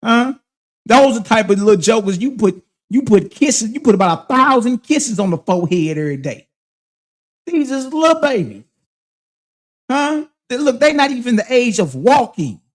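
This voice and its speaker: A man's voice: extremely high pitch, expressive, moderate pace. A man hosting a livestream, preaching and confronting his critics in heated, slang-heavy commentary. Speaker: livestream host.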